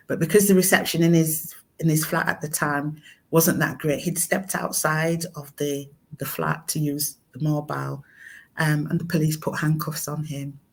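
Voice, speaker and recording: Low-voiced middle-aged woman, halting. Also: steady tone, a little mellow. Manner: halting, many fillers and restarts. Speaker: guest, mother of a son with mental illness. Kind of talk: emotional personal story in conversation.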